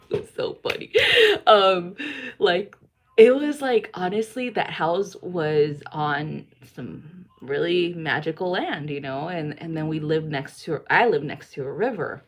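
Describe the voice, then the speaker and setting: Woman, low pitch, casual monologue, rambling, filler-heavy, swears. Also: slow pace. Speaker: psychic reader.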